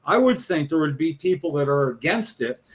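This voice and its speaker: A man's voice: a little high, lively intonation, brisk, lo-fi sound. Fired-up New man ranting. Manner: outraged, emphatic, swears freely. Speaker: podcast co-host, patient rights advocate. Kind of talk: heated casual political talk.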